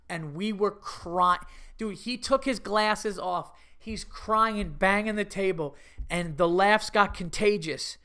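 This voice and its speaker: A man hosting a podcast, telling stories in a casual, animated way, laughing often and swearing freely. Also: high voice, measured pace. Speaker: podcast host. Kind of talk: casual storytelling monologue.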